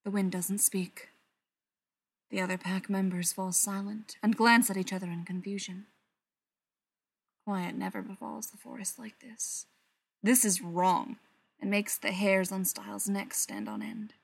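Female narrator reading a story aloud, soft delivery that often sinks to a whisper. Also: mid-range voice, fairly even intonation, unhurried, vocal fry, slightly rough, dry recording. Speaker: story reader.

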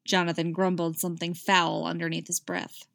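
A woman's voice: fairly low pitch, level tone, normal speed, vocal fry, fairly bright tone, no echo. Woman reading a story aloud, dry sound. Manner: chatty with many fillers in her notes. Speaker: story reader. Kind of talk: reading a story aloud, then casual comments.

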